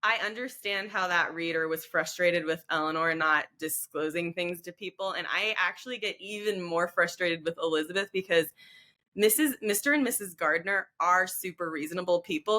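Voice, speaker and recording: A woman co-host in casual chat, with a lower-pitched but bright voice. She talks in an earnest, opinionated way and throws in emphatic asides. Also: normal speed. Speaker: podcast co-host.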